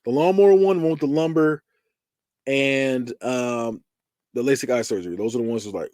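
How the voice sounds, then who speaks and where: A man's voice: mid-range voice, normal speed, no echo, studio quality. A podcast host chatting casually through movie death scenes, acting out lines and laughing as he goes. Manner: animated, acts out quotes and screams, laughs often.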